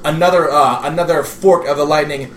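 A man narrating his character's actions in a tabletop game, halting with many fillers and restarts. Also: a little high, steady tone. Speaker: player. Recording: echoey room with clear background noise.

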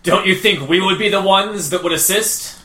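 A man's voice: high-pitched, moderate pace, pushed and bright, slight background noise, voice pushed up. A man playing a curt palace guard. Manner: curt, dismissive. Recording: echoey room.

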